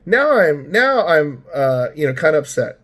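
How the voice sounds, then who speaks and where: A man's voice: on the high side, big pitch swings, unhurried, a bit bright. A man vlogging a rambling, exasperated rant about his personal experience, full of fillers and restarts. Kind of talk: ranting personal story.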